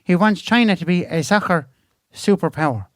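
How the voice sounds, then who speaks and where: A man's voice: sits high, expressive, normal speed, no echo, clean studio sound. A man playing a crude rambling Irish yarn-spinner. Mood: chatty. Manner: rambling, profane, laughs at his own jokes. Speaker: comic news presenter. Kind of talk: comedy monologue.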